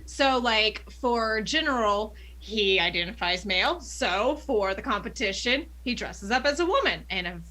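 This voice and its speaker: Woman, faint Southern accent, slightly high bright voice, upbeat, laughs easily, casual guest. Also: animated. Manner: upbeat, quick to laugh, chimes in with short agreements. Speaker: podcast guest, charity streamer. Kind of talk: casual podcast chat.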